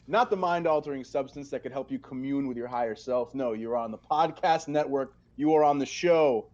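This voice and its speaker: A man's voice: medium pitch, fairly quick, few pauses, darkish tone. Showy podcast host man, lo-fi sound. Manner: showy, mock-grand intros, laughs often. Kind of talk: casual chat.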